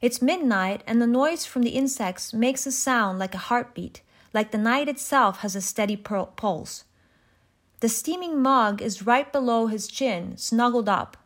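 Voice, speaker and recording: A woman reading a first-person story aloud in a measured, reflective narration. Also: a little high. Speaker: audiobook narrator. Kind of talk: scripted narration.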